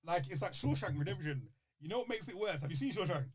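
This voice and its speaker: A man's voice: high voice, animated, fast talker. A man co-hosting a podcast in casual chat, reacting with big exclamations and frequent laughter. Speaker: podcast co-host.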